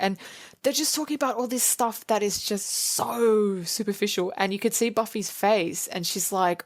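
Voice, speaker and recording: A woman co-hosting a podcast, chatting casually about a movie and acting out quoted lines with animated energy. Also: mid-range voice, normal speed, no room sound, studio quality. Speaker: podcast co-host. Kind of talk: casual movie review chat.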